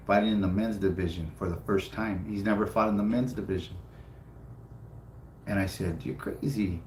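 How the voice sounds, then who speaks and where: A middle-aged man from California tells a long personal story on a live stream, blunt and profane, circling back on his words for emphasis. His voice sits low, and the room around him is echoey with a faint hum of ambience. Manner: blunt, swears freely, repeats himself for emphasis. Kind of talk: casual storytelling.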